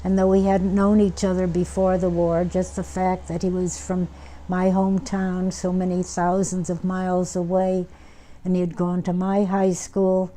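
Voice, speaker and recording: Elderly woman, low flat mellow voice. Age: 90s. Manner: unhurried reminiscing with many fillers and restarts. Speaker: war veteran interviewee. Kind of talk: oral history interview.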